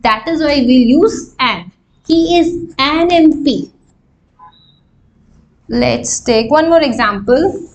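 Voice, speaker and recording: A young woman with an Indian English accent teaching grammar in a live online class, explaining slowly and asking the class rhetorical questions. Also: sits high, expressive, lo-fi sound.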